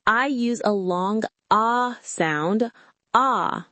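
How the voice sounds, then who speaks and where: A woman with a modern British accent teaching pronunciation, modelling each sound slowly and carefully. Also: on the high side, sharp tone, no echo. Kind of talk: scripted language lesson.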